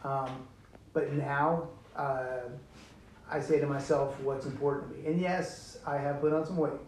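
A man's voice: on the high side, steady tone, a little slow, darkish tone. A man in his forties, a SWAT officer guest, speaking reflectively in a casual chat with some dry teasing. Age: 40s. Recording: roomy echo, faint background noise.

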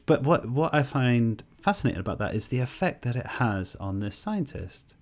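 A man co-hosting a podcast, telling a story in a casual conversational way, with animated stops and restarts. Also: mid-range voice, normal speed. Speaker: podcast co-host.

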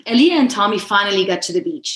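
A woman reading a children's story aloud in a calm, soft, even way. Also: medium pitch, fast, roomy sound, a little hiss or hum, poor audio.

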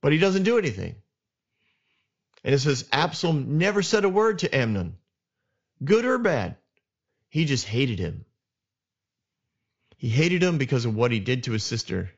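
A man hosts a storytelling podcast and retells scripture as a casual chat. He slips into quick acted lines for the characters. His mid-range voice comes through a dull, lo-fi recording. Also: medium pitch. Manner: animated retelling with acted asides. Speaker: podcast host retelling Bible stories. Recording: dull lo-fi sound.

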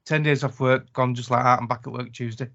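A man's voice: medium pitch, fairly even intonation, fast talker, gravelly, fairly bright tone, muffled recording. A man co-hosting a casual podcast, rambling in an easygoing way. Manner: rambling, easygoing, lots of fillers. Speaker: podcast co-host.

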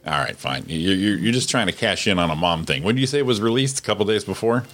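Deep-voiced man in blunt radio banter. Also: fast talker, fairly bright tone. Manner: blunt, crude, jokey. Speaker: morning show co-host.

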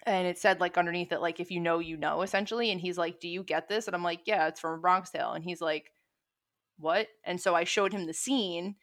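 A young adult woman co-hosting a casual chat, telling stories in a rambling, animated way and swearing casually. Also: on the low side, fairly quick.

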